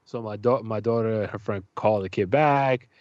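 A man's voice: lowish voice, moderate pace, no room sound, highs cut off. A man chatting casually and telling a family story, swearing often and acting out the voices of the people in it. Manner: animated, profane, acts out voices in his stories.

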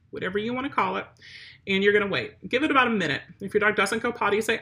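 Talking straight to the viewer, a woman dog trainer gives direct, chatty instructions on potty training a dog. Her mid-range voice is very fast and has a sharp tone.

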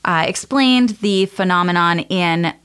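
A woman co-hosting a casual podcast, talking in a fairly low voice. She tells her story loosely with fillers and quick laughs, in a relaxed back-and-forth. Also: clear, resonant tone. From United States. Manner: chatty, laughs often, fillers, tries comic accents. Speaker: podcast co-host.

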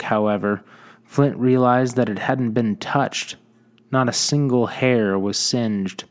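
A man reading a western short story aloud in measured audiobook narration. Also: mid-range voice.

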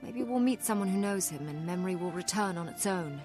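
An actress with an English accent playing a perceptive female sylvari warrior who speaks in a soft, probing way in a video game scene. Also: on the low side, animated, brisk, soft background music, natural voice.

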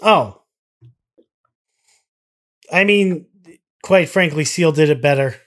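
A man's voice: fairly high pitch, slow. A man co-hosting a podcast in casual chat, leading the segment with dry jokes and puns. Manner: dry, jokey, leads the segment. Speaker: podcast co-host.

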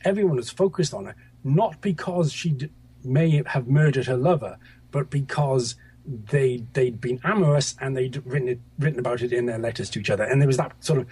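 A man's voice: medium pitch, darkish tone, breathy edge. A middle-aged man from Scotland, a guest author talking over a video call, hesitant with many fillers and restarts.

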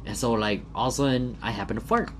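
A man chatting casually with a friend, swearing freely and tossing in quick reactions. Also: medium pitch, fairly bright tone, slight background noise. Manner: laid-back, swears freely, tosses in reactions. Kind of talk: casual chat.

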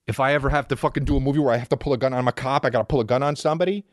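A man's voice: medium pitch, very fast, no echo, clean studio sound. A man on a comedic rant, profane and rambling, swinging his delivery up and down as he riffs.

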